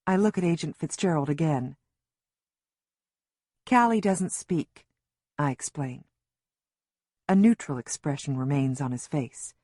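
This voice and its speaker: A woman narrating an audiobook in the first person as a worried mother, measured and emotionally engaged. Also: deep voice, mellow, dry recording, clean studio sound.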